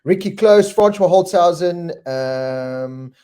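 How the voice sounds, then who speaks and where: A man's voice: fairly high pitch, takes it slowly, dark tone, clean tone. A middle-aged man with a South African accent, hosting a live stream in a casual, jokey way and reading out viewers' names and comments. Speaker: host.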